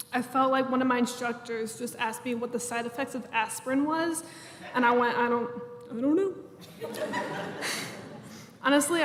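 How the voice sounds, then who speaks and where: A woman's voice: on the high side, a little hiss or hum. A young woman in her twenties, a class president giving a chatty, self-deprecating graduation speech in a church. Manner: chatty, self-deprecating, laughs through nervous moments. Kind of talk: prepared ceremony speech. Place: large church sanctuary. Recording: echoey hall, room mic.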